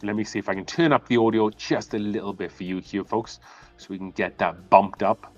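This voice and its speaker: A man's voice: lowish voice, fairly even intonation, brisk, dull audio, faint music behind. A man with a Welsh accent hosting a casual whiskey livestream, chatty and easygoing, thanking viewers by name. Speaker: whiskey channel host. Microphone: clip-on mic on his shirt.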